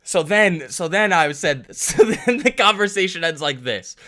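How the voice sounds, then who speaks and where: Animated, bright-voiced man telling stories. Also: high voice, measured pace. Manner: rambling, animated storytelling with laughs and self-interruptions. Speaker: livestream trading host. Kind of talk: casual storytelling on a livestream.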